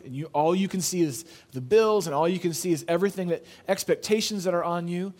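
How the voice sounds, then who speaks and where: A pastor preaching a sermon in an earnest, conversational way, telling a story and repeating phrases for emphasis. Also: male voice, high-pitched, brisk, hardly any pauses, darkish tone. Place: church.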